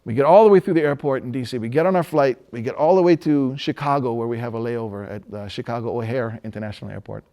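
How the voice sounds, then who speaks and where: Telling a story from his own life, a Hawaiian man speaks at a medium pitch in an easygoing, chatty way. He takes frequent pauses and lets out the occasional chuckle.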